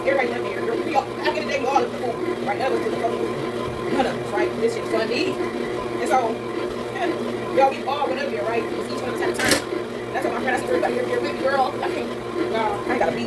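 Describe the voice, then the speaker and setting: A middle-aged woman vlogging casually while baking in her kitchen, chatting to viewers and asking "right?" often. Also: a little high. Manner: chatty, addresses viewers as y'all, frequent tag questions. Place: home kitchen. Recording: loud background noise.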